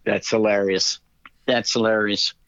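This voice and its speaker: A man's voice: fairly low pitch, flat delivery, measured pace, fairly bright tone, no echo, muffled recording. A male podcast host in casual interview chat, mostly giving short affirmations while he listens.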